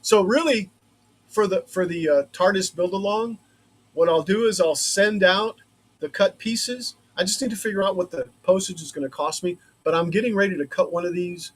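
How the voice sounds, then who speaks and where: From his woodworking shop, a maker livestreams a laser-cut build, chatting casually in a high voice at a moderate pace. He rambles and thinks aloud as he works.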